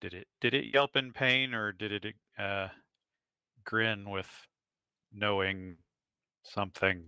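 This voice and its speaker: Gravelly, bright-voiced gaming man. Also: fairly low pitch, fairly even intonation, takes it slowly, dry recording. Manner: questioning, wry and argumentative. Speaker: player. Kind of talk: tabletop game chat.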